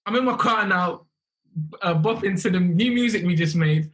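A young man, a musician telling his story in a casual, animated way, often repeating himself. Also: high-pitched, normal speed, a little hiss or hum. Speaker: musician guest.

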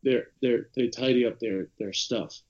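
Irish male podcast co-host, lively anecdotal storyteller, mid pitch, slightly muffled call sound. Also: unhurried. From Ireland. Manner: animated storyteller, frequent restarts. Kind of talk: casual chat over a call. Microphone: video call.

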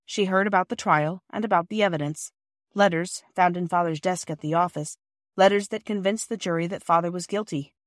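A woman reading a classic children's novel aloud in gentle, measured narration. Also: lowish voice, no echo, clean studio sound. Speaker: audiobook reader. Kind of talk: scripted narration.

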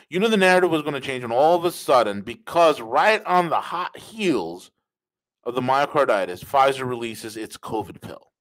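A man's voice: mid-range voice, fairly bright tone, poor audio. Emphatic male podcast commentator. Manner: emphatic, repeats phrases, addresses listeners as folks. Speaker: podcast host. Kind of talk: opinionated commentary.

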